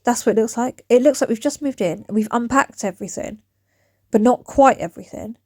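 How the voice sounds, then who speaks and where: Woman DIY vlogger, about forty, chatty and rambling, slightly high voice, dry throat, close dry phone sound outdoors. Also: a little fast, a little mellow, dry recording. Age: around 40. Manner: rambling, chatty, loses her thread. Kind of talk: chatty vlog talk to camera. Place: outdoors in her back garden. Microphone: phone camera.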